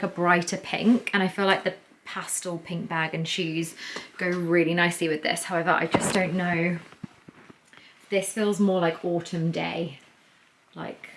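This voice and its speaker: A woman, chatting casually to camera from her bedroom and thinking out loud. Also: lowish voice, slight background noise. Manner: chatty, rambling, self-questioning. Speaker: lifestyle vlogger.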